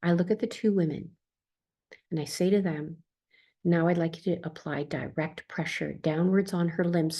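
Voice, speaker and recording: A woman calmly reading her own first-person account as a therapist, in a soft, tender manner. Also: on the low side, slightly rough.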